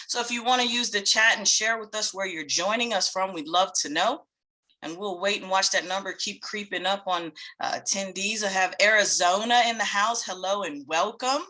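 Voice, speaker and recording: Bright, upbeat woman hosting a webinar. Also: mid-range voice, moderate pace. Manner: upbeat, greets attendees by location, laughs often. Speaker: webinar host and facilitator. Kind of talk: live webinar welcome.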